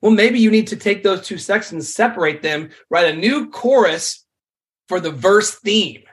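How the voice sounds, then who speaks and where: A man, a songwriter and worship leader, explaining songwriting craft in an energetic, conversational way. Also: high voice, unhurried. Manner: energetic, conversational teaching with frequent fillers.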